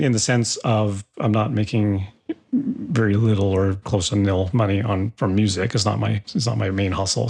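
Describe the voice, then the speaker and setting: A man's voice: on the low side, vocal fry, a little mellow, slightly rough. A man hosting a songwriting podcast, chatting casually and rambling with many restarts. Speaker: podcast host. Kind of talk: casual interview chat.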